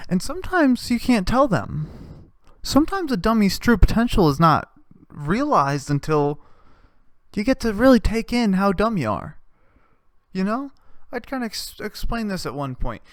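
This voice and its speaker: A man vlogging in a casual, rambling monologue that repeats itself, swears, and swings from hushed to loud. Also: on the high side, dry recording, clean studio sound.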